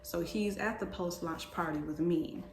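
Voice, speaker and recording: Woman in her twenties, vlog storyteller, lively slangy delivery, somewhat low voice, echoey room. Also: normal speed, slight background noise. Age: 20s. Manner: animated, slangy, repeating phrases. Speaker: vlogger. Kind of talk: casual storytelling. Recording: echoey room with faint ambience.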